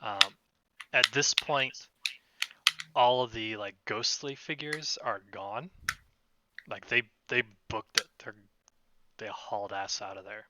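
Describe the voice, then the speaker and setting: A man narrating a tabletop game as game master, halting with many fillers. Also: on the low side, crowd noise.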